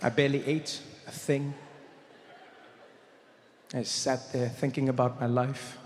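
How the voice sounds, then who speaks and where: Man, from Africa, stand-up comedian, animated storytelling, roomy echo, faint ambience. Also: medium pitch, measured pace, a little hiss or hum. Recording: echoey hall, faint ambience.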